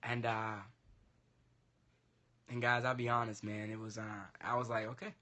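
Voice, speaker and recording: A man's voice: medium pitch, moderate pace. A man casually telling a long story to a co-host, acting out the voices of the people in it. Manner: animated, acts out quoted dialogue.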